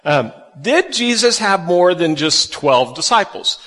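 A man's voice: sits high, big pitch swings, unhurried, bright, forceful tone, big-room sound. A man preaching a conversational sermon, asking his listeners questions as he walks through scripture. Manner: conversational, asks the audience questions. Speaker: pastor.

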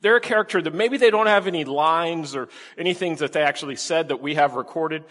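A pastor delivers a sermon in a lively, conversational way, often turning to the congregation with questions. His voice sits a little high for a man, and it rings with a long reverb from a large church room. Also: fairly quick. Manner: animated, conversational preaching with rhetorical questions.

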